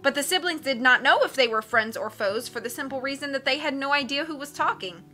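A woman reading a novel aloud as an audiobook narrator, expressive and lifting her voice for dialogue. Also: sits high, fast talker, soft background music. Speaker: audiobook reader.

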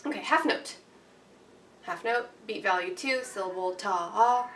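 A woman piano teacher talking through a worksheet in a casual, chatty way, full of fillers and quick checks with her listeners. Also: medium pitch, fairly bright tone, slight background noise. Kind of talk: casual instructional walkthrough. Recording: roomy, distant mic with faint ambience.

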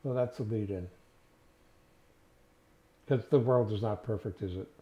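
Co-host dude chatting, setting up the topic, echoey room, dull muffled audio. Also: male voice, fairly low pitch, unhurried, dark tone. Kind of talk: casual talk-show conversation. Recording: roomy, dull sound.

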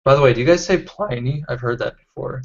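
A man leading a casual online study group, reading out chat comments and talking with halting restarts over a video call. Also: mid-range voice. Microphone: computer mic on video call. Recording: dull lo-fi call audio.

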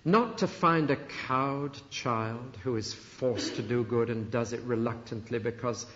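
A man's voice: mid-range voice, a bit bright, slight background noise. Earnest male preacher in a reverberant hall. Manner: earnest, emphatic preaching with dramatic pauses. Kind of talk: sermon. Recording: dull archival sermon recording in a reverberant hall.

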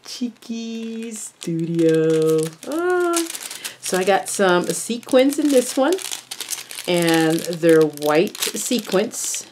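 A woman narrating a casual unboxing, gushing and exclaiming over each item and often dropping into soft murmurs. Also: mid-range voice, expressive, drawn-out words, noisy background. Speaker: craft vlogger unboxing a haul.

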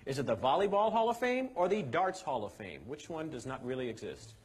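A man hosting a comic game show, energetic and teasing, shouting over the messy action. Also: medium pitch, a little fast, husky.

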